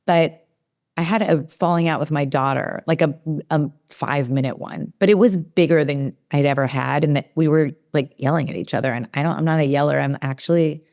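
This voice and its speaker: A woman's voice: sits low, brisk, a little mellow. A woman in her forties, a developmental psychologist, chatting in a podcast interview and acting out her own inner dialogue with many fillers.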